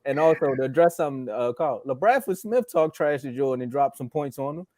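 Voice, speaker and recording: Regular-pitched guy telling sports stories on a podcast, laid back, dry close sound. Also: a little fast, no echo. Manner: relaxed storytelling, laughs, says bro. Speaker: podcast co-host. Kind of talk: casual sports talk.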